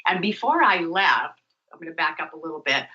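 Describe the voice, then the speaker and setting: Woman guest spinning a story on talk radio, bright tone, kinda muffled lo-fi sound. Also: sits low, a little fast. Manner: animated storyteller acting out dialogue. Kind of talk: storytelling interview.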